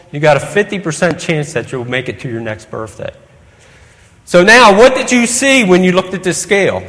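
A man's voice: on the high side, fairly bright tone. A man preaching an evening sermon, earnest, putting question after question to the congregation. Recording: long reverb of a hall.

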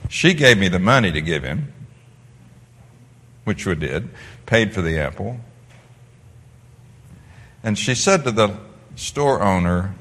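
With a deep voice, an unhurried pace, and lengthy pauses, the Dutch preacher delivers lively, swaying sermon lines that stress key words before he softens into quiet storytelling. Heavy reverb lingers after him, suggesting a big sanctuary.

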